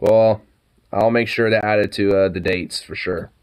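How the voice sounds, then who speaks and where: A man's voice: lowish voice, fairly even intonation, moderate pace, a little mellow, clear, resonant tone. A man streaming live in casual chat, laughing often, swearing and making sarcastic remarks.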